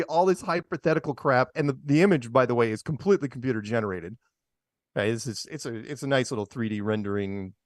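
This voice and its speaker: A man's voice: medium pitch, dry recording, studio quality. A man co-hosting a talk show, reading news items aloud and mocking them with sarcastic asides. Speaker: podcast co-host. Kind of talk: casual commentary on news clips.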